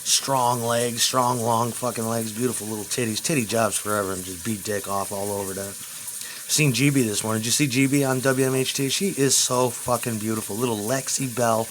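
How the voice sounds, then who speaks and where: Crude rambling man, loud then muttering. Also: fairly even intonation, moderate pace, slight background noise, rough recording. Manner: crude, rambling, swings between loud outbursts and low mutters. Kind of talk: rambling monologue vlog.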